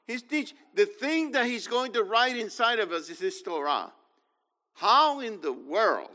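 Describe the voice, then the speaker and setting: A man preaching in a high, bright voice that rings out with a long hall reverb. He teaches emphatically, repeating his points and checking in with the listeners. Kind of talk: sermon.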